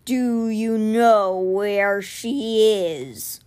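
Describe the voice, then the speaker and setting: A woman voicing a calm giant male cat in a storybook reading, speaking slowly. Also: mid-range voice, clear, resonant tone. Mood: steady. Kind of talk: reading a children's novel aloud.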